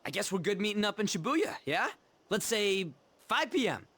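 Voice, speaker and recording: Brash teen boy from a game, careless street talk, lively pitch; a woman reads him. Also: moderate pace, no room sound. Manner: loud, careless street slang. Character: brash slangy teenage boy delinquent.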